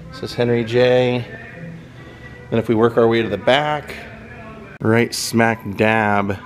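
A man giving a casual, admiring walking tour of a car museum, thinking aloud as he goes. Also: mid-range voice. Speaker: vlogger touring a car museum.

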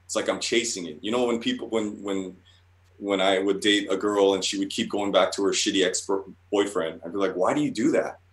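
Speaking at a normal speed, a guest artist in a casual interview rambles through his stories, cursing a lot and stammering as he starts over. His low voice is fairly bright with little pitch movement, and the reverberant recording is of low quality.

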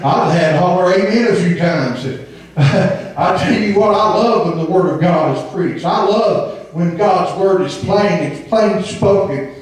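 A man preaches with a fervent, emphatic delivery, peppering his sermon with amens and now and then singing a phrase. His voice sits high for a man. He sounds far from the mic in a very echoey church hall. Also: a little slow. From Southern Indiana. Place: church sanctuary.

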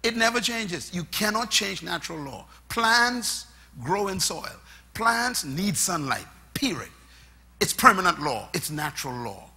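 A high-voiced male preacher with a husky, sharp tone. He delivers his sermon in lively swoops, listing his points emphatically and swinging between loud bursts and quiet asides.

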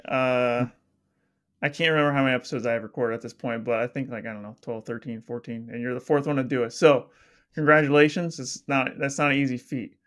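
A man's voice: mid-range voice, fairly even intonation, a little fast, fairly bright tone. A man hosting a casual interview, upbeat and chatty with plenty of "like" fillers. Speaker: podcast host.

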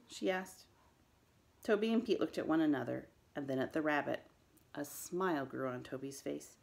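Woman, school librarian reading a chapter book to students. Low, animated voice with a little fry. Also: brisk. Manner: lively read-aloud, raising her voice high for the children's lines.

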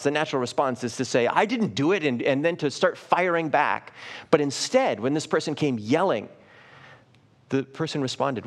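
An earnest man preaching a sermon in a mid-pitched voice, neither high nor low. He illustrates his points as he goes, often restarting and doubling up words. He drops to a slower, softer delivery for the key phrases. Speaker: pastor. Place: church live stream.

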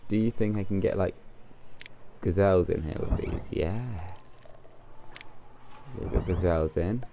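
Deep gravelly male gamer. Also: a little slow, noisy background. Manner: rambling, thinks aloud while playing. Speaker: let's play gamer. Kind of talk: casual gameplay commentary.

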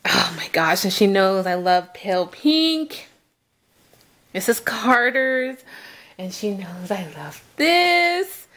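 A young woman gushing over gifts in an excited unboxing vlog, gasping and repeating exclamations of delight. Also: medium pitch, takes it slowly.

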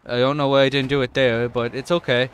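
A young man with a non-American English accent doing casual let's-play commentary, chatty and excitable, swearing and yelping at in-game mishaps. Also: mid-range voice, a little fast, clear, resonant tone. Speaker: gaming YouTuber.

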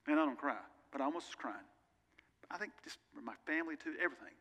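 A man's voice: on the high side, quick pace, fairly bright tone. A male pastor preaching a sermon in an earnest, conversational way with candid personal asides, recorded in a church sanctuary. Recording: long reverb of a large church hall.

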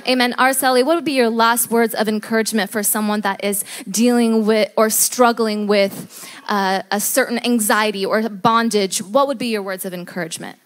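A woman's voice: on the high side, fairly even intonation, normal speed. A woman interviewing a guest at church, speaking emphatically and preacherly, punctuating her points with amens. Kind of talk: faith testimony interview.

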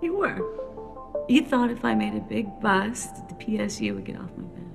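A woman's voice: medium pitch, animated, normal speed, creaky. An actress playing a tough, exasperated female police team leader in a TV drama, blunt and dry. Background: film score music.

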